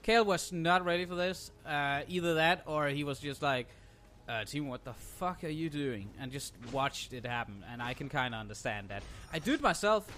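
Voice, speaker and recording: A man's voice: a little high, expressive, normal speed, pushed and bright, slight background noise. Sarcastic young man ranting over gameplay. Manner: sarcastic, ranting, swears freely. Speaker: gameplay commentator. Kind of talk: casual game commentary.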